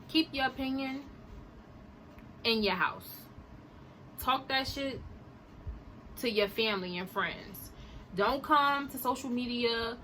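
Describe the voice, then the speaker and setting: A woman's voice: a little high, sharp tone, slight background noise, rough recording. A young woman vlogger giving an impassioned, indignant opinion monologue to her camera. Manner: emphatic, indignant, rhetorical.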